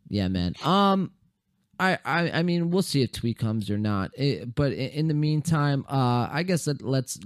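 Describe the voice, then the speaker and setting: A young man hosting a casual podcast, rambling and profane with many fillers, his voice going hoarse. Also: medium pitch, dry recording, clean studio sound. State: losing his voice. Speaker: podcast host.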